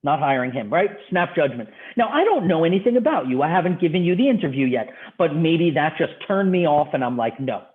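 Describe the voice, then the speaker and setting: A man's voice: on the high side, sing-song, fairly quick, few pauses. A male university instructor giving an online class lecture in a conversational way, firing off rhetorical questions to his students. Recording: tinny phone-like audio.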